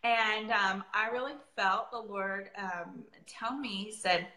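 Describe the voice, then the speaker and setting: A woman's voice: medium pitch, steady tone, takes it slowly, hardly any pauses, pushed and bright, reverberant, poor audio. A woman in her forties, chatting casually as an essential oils presenter, rambling and laughing often. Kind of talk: casual chat.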